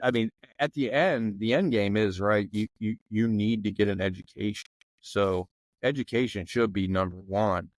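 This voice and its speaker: A man's voice: lowish voice, moderate pace, no room sound. Rambling man with a dry sound. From McKeesport area, Pennsylvania. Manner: rambling, many fillers like "you know what I mean". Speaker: podcast guest, former football player. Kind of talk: casual podcast conversation.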